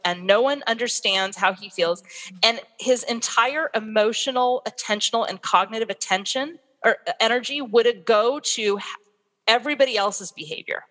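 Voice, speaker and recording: Brief: woman guest expert, animated storyteller, bright tone, long reverb. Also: a little high. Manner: animated storytelling, acts out what she says to her kids. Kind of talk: interview, explaining.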